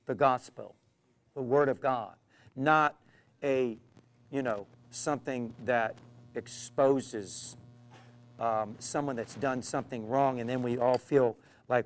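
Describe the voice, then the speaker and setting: A male street preacher telling a story with earnest, animated energy and acting out the exchanges he quotes. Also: mid-range voice, takes it slowly, slight background noise. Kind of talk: preaching testimony. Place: London.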